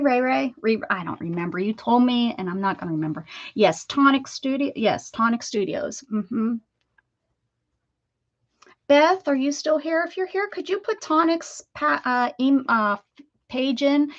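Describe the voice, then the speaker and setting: A woman's voice: high voice, lively intonation, normal speed, fairly bright tone, dull audio. A woman from the Pittsburgh area hosting a crafting live stream, chatting casually and greeting viewers by name as she works.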